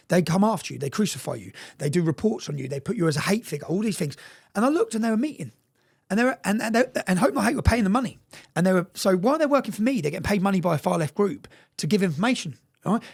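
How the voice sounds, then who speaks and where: A man's voice: high-pitched, creaky. A man telling his story in an interview, emphatic and swearing often, checking in with his listener as he goes. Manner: emphatic and profane, keeps checking in with "yeah?". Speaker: interview guest.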